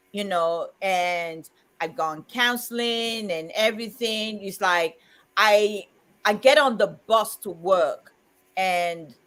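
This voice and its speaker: A woman's voice: lowish voice, a bit bright, rough recording. Earnest woman sharing a personal story. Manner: earnest, heartfelt, peppered with "you know". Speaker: co-host of a community chat stream. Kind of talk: casual chat, personal testimony.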